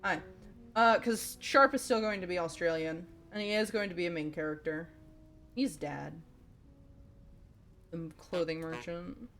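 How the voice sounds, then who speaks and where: A fairly low-pitched woman streamer talks casually while she plays, cursing freely and blurting out reactions to the game. Faint game music runs underneath her voice. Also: measured pace, long pauses, fairly bright tone. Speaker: livestreamer. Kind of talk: casual game livestream, reading chat.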